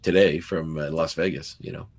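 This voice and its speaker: Low-voiced man with a Nova Scotian accent. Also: steady tone, normal speed. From Canada. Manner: meandering, many fillers and restarts. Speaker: podcast host. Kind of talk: casual podcast chat.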